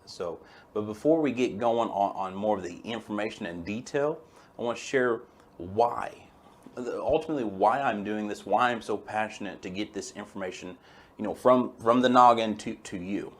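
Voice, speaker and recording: Hosting a webinar, this chiropractor speaks at a moderate pace in a fairly low voice. He's relaxed and folksy, addressing listeners like friends with easygoing enthusiasm and a loose, storytelling style.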